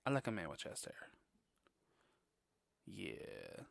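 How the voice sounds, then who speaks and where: A man hosting a podcast and reviewing a movie in casual chat, blunt, profane and gossipy, with sudden high exclamations. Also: huge pitch swings, slow, creaky, dry recording, clean studio sound. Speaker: podcast host.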